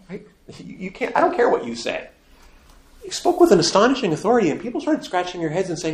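A man's voice: a little high, very animated, fast. A man teaching a faith class to a live audience, emphatic and asking the room questions. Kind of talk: lively classroom lecture. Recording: echoey room.

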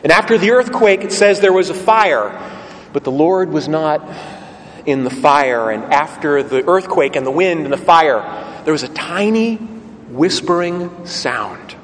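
Animated male preacher in a reverberant church. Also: fairly high pitch, moderate pace. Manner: lively storytelling with rhetorical questions to the congregation. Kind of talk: sermon. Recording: long church reverb, faint ambient noise.

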